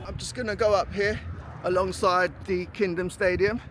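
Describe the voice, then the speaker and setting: A man from East London with an East London accent, vlogging in a chatty, animated, slangy way, talking outdoors by a stadium. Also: high voice, normal speed, noisy background. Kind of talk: casual vlog talk to camera.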